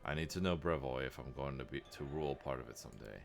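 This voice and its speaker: A man's voice: extremely low pitch, quick pace, gravelly, voice pushed down. A man reading aloud the lines of a polite, ambitious teenage noble heir, courteous and persuasive.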